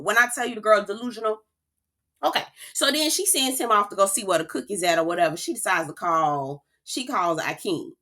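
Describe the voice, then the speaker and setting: A woman's voice: mid-range voice, expressive, brisk, sharp tone. A woman hosting a reality TV recap in casual commentary, sassy and profane, laughing often and keeping up a stream of "girl" and "child".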